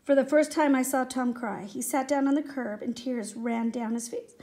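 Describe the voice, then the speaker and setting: A woman reading a children's story aloud in a steady, expressive way. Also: sits high, normal speed. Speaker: reader.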